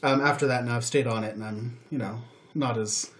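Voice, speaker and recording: A man hosting a podcast, telling personal stories in a rambling, animated way with many fillers. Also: mid-range voice, brisk. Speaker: podcast host. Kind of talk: casual chat.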